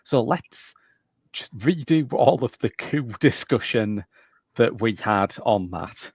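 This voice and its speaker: A man hosting a podcast, talking quickly and energetically in casual chat. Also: mid-range voice, vocal fry, slightly rough, dry recording, lo-fi sound. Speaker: podcast host.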